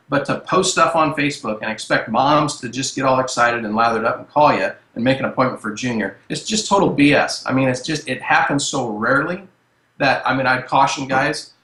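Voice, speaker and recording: A man speaks as a guest and gives advice in a blunt, plain-spoken way. His voice is bright and forceful. He sounds like he is in a roomy, echoing space. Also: mid-range voice. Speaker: guest, marketing executive. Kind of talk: advice in interview.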